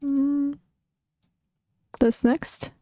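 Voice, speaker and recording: A woman's voice: high-pitched, little pitch movement, drawn-out words, dark tone, dry recording. A young adult woman streaming chess, chatting casually and emotionally with her viewers and often using "like" as a filler. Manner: emotional, talks to her chat, frequent "like" fillers. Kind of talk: casual live-stream chat.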